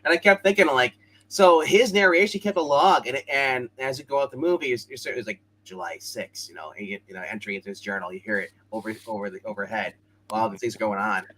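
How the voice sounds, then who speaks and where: A man co-hosting a casual movie review chat, chatty and halting. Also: mid-range voice, fairly bright tone, a little hiss or hum, poor audio. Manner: chatty, halting, lots of fillers. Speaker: movie review show co-host.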